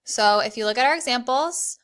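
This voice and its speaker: A young woman teaching an online grammar lesson to children, clear and encouraging, reading the examples slowly. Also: fairly high pitch, fairly bright tone.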